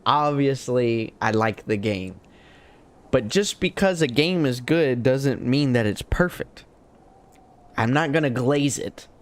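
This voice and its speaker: A young adult man streaming a game live, chatting casually and jokingly, swinging between excited highs and low muttered asides. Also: slow.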